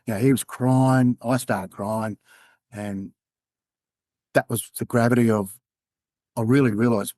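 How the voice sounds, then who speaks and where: A man with an Australian accent, a podcast guest telling a personal story in a candid, halting way. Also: mid-range voice, a little mellow, no echo. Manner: candid, halting, acts out quoted dialogue. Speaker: podcast guest, former undercover police officer.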